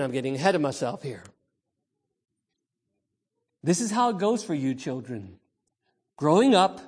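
Slow, lively high-voiced male preacher. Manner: emphatic preacher, calls out to the congregation; storytelling, imitates baby cries. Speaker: pastor. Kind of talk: Sunday sermon addressed to children.

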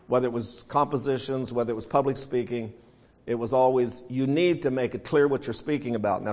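An American man preaches a sermon, reading scripture aloud and talking through hymns. Between stretches of teaching he sings hymn lines. His mid-range voice has a slightly mellow quality.

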